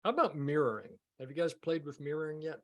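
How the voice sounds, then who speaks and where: A man's voice: fairly high pitch, expressive, fast. A man leading a sales coaching session, emphatic, often repeating words as he teaches. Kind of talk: group coaching call.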